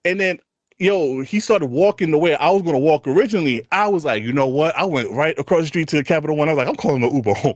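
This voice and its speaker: A man's voice: fairly high pitch, lively intonation, fast, no echo, clean studio sound. A man with a Brooklyn accent telling a story on a podcast in slangy street talk, laughing as he goes. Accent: Brooklyn, New York. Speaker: podcast co-host. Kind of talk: casual storytelling chat.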